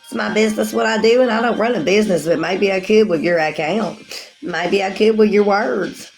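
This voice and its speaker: Woman, 40s, chatty livestreamer, rambling and giggly, average pitch, faint music underneath. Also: brisk, vocal fry. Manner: rambling, calls viewers sweetie, laughs often. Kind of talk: casual livestream chat with viewers.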